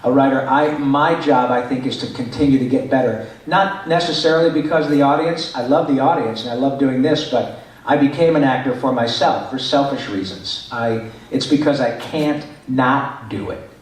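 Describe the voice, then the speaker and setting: Chatty voice actor in an echoey hall. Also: male voice, medium pitch, moderate pace. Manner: chatty, rambling, with many fillers. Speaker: voice actor answering fan questions. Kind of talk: convention panel Q&A. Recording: echoey hall, distant mic.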